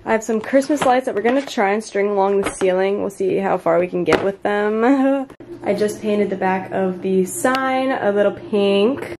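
A young woman in her twenties talking casually to the camera in her house, bubbly and excited. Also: mid-range voice, normal speed. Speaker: vlogger, bride-to-be. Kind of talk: casual vlog talk to camera. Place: house being decorated. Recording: noisy home recording.

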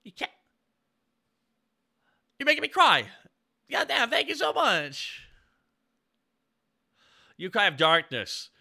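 A male streamer with an unusually high, piercingly bright voice that leaps up and down all over the place. He chats casually on a live stream and bursts into excitable, gushing thanks to his viewers. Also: slow pace, creaky, long pauses.

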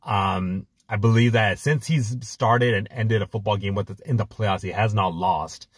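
Excited low-voiced man on a fan podcast. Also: moderate pace, husky, no room sound, studio quality. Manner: excited, rambling, lots of filler words. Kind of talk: casual chat.

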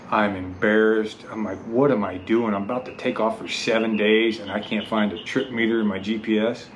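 Male rally rider with a lowish voice, telling a halting, self-mocking story over faint background noise. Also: poor audio. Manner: self-deprecating, halting with repeated restarts. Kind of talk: casual storytelling vlog.

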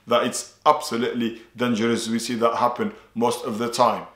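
A man's voice: mid-range voice, level tone, moderate pace, fairly bright tone, roomy sound. A man speaking as a ruqya practitioner, explaining at length in an earnest, repetitive way, often adding religious phrases. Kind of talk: instructional talk.

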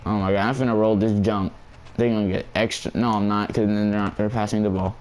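Talking fast in a lowish, clean-toned voice, a young gameplay YouTuber gives casual commentary on his basketball game. He laughs a lot, uses plenty of slang, and comes across as giggly and excitable.

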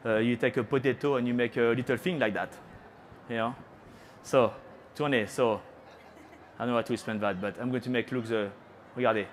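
This middle-aged Frenchman is a chef doing a live cooking demo on a trade-show stage, chatty and playful as he teases the audience and slips French words into his talk. He speaks with a French accent in a mid-range, steady voice, a little fast with frequent pauses, over a faint hiss or hum.

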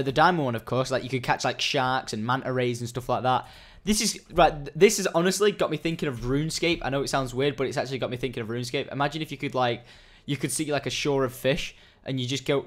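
A young man, rambling through casual gaming commentary, jokey and prone to sudden excited yelps. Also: mid-range voice. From England. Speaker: gaming video host.

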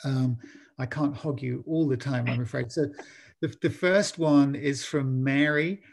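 A man hosting a bookshop author event over a video call, speaking haltingly and restarting his sentences. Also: mid-range voice, steady tone, creaky. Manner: halting, many restarts and fillers.

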